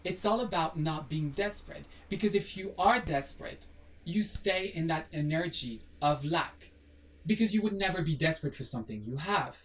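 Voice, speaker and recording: Expressive and moderately paced, a mid-range voice heard on a distant mic gives a blunt, sassy motivational monologue to camera. The video host peppers it with rhetorical questions, casual swears and jokey apologies.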